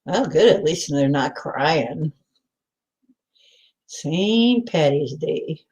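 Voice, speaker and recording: A middle-aged woman chats casually with her viewers on a livestream. She talks slowly, her pitch rises and falls a lot, and she giggles between lines. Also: animated, a little mellow. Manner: giggly, laughs often, reads comments aloud. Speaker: livestream host. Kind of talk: casual live chat with viewers.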